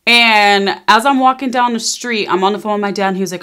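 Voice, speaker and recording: A woman in her thirties telling a personal story in a casual storytime vlog, emphatic and animated, acting out what people said. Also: medium pitch, a little fast, few pauses. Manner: emphatic, animated retelling, acting out quoted lines.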